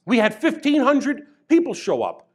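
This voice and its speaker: A middle-aged man, a chiropractor telling an animated story to an audience. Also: extremely high pitch, normal speed. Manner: animated, grows loud and excited as the story builds. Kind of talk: storytelling talk.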